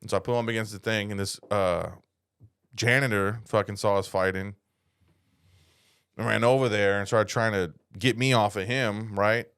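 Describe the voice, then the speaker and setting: Texan-raised podcast comic, low and smooth, swearing through long stories, dry sound. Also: male voice, steady tone, normal speed, fairly bright tone, no room sound. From San Antonio, Texas. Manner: profane, rambling anecdotes. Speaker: podcast co-host, comedian. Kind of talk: casual storytelling chat.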